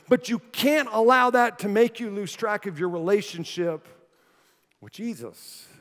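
A male pastor preaching a sermon, telling a family story with jokes and then turning earnest and soft. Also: sits high. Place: church hall. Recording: reverberant church sanctuary.

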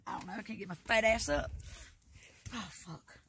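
A woman's voice: a little high, moderate pace, gravelly, fairly bright tone, a little hiss or hum. An older grandmother cursing and grumbling inside a tent, recorded on a phone. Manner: cursing, cranky, threatening in jest. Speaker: grandmother on a camping trip. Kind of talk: profane grumbling in a home video.

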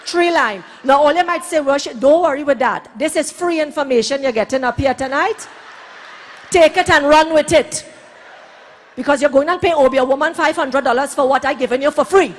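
A Trinidadian woman doing bawdy live stand-up comedy, brash storytelling with shouted punchlines on a hall stage. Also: high-pitched, a little hiss or hum.

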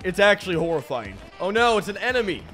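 A young man giving sarcastic, mocking commentary over a video game, with sudden excited outbursts. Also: high voice, fast. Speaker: gaming YouTuber. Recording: music playing behind voice.

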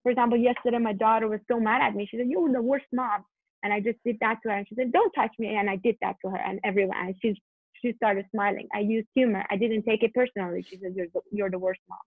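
Earnest higher-voiced woman on a tinny line. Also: quick pace, no echo. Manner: earnest, animated, repeats words and restarts. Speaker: guest, parenting coach. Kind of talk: podcast conversation. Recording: dry tinny phone-line sound.

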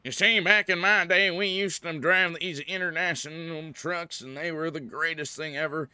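A man's voice: a little high, steady tone, normal speed, pushed and bright, smooth, no room sound, pitched above the performer's own voice. A man voicing a boastful old-timer male auctioneer with a folksy, drawling way of talking.

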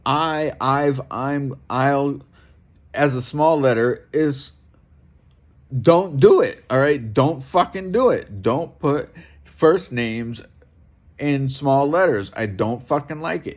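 A middle-aged man ranting alone in a room at home, blunt and profane, repeating himself as he talks. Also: medium pitch. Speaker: vlogger. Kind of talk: ranting monologue to camera.

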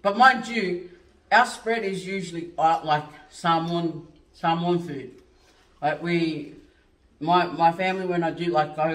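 A man chatting casually on a mukbang, laid-back and savoring the food with drawn-out murmurs. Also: a little high, fairly bright tone. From born in New Zealand, raised in Australia. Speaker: mukbang co-host. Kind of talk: casual chat while eating. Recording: roomy echo, mic far off.

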